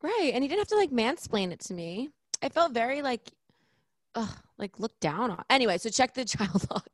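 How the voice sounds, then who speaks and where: A woman co-hosting a podcast, telling a story in a lively, casual way and mimicking the people in it. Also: on the high side, normal speed, no echo, studio quality. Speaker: podcast co-host. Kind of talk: casual chat.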